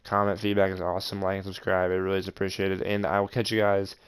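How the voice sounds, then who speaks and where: A young man hosting his gaming channel, commenting over football video game footage in an excitable way with frustrated outbursts. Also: low voice, fast, clean tone. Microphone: voice-over over gameplay.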